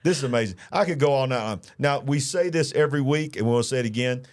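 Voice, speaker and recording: A man's voice: mid-range voice, quick pace, darkish tone. Folksy southern guy reading comments off a livestream, joking around, medium voice. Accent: Southern American. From Alabama. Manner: folksy, jovial, reads viewer comments aloud. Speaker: co-host of a ministry news show. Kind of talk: casual live-stream chat reading comments.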